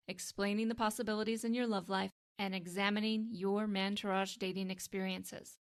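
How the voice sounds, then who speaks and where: A woman hosting a dating advice podcast, talking in a casual, playful way and often breaking into giggles. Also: mid-range voice. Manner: playful, self-amused humor.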